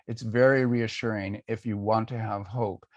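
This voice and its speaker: An older man, a guest author, answering questions in a conversational panel talk, measured and thoughtful with pauses and fillers. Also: on the low side, steady tone, no echo, highs cut off.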